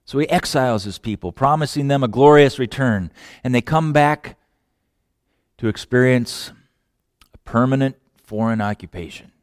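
A man preaching a sermon, with long pauses, shifting between loud emphatic lines and hushed quiet ones. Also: on the high side, no echo, clean studio sound. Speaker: pastor.

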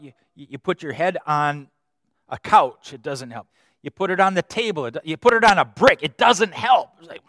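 Dry-voiced preacher, loud to hushed. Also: male voice, fairly high pitch, dry recording. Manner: dynamic, swinging from loud emphasis to hushed tenderness. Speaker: pastor. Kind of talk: sermon.

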